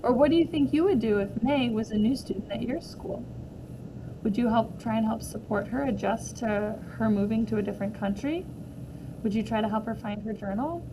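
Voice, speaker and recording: A woman's voice: on the high side, a little fast, background noise. A woman in her thirties reading a storybook aloud to children and asking them questions along the way. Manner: warm, asks children questions.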